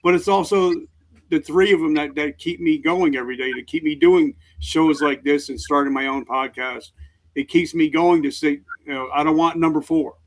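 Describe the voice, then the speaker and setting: A middle-aged man, a veteran guest on an interview show, speaking earnestly and openly in halting sentences. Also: fairly high pitch. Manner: earnest, halting, emotionally open. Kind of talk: candid interview talk.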